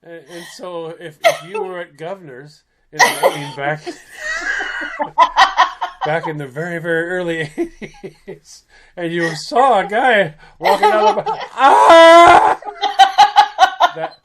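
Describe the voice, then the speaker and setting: A man's voice: high-pitched, slow pace, a crowd in the background. A man telling a funny story in casual chat, stammering and laughing as he goes. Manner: animated, laughs often and stammers.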